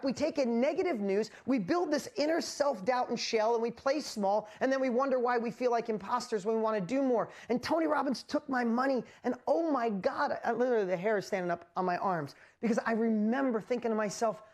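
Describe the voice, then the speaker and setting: A man hosting a live motivational talk, telling his story with animated energy and lots of exclamations, and often asking the audience questions directly. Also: extremely high pitch, brisk, few pauses. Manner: speaks straight to the audience with rhetorical questions. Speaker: host and motivational speaker.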